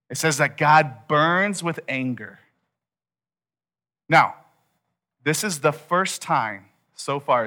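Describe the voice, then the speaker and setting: A man preaching a sermon, retelling a story with animated asides and acted-out quotes. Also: mid-range voice. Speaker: pastor.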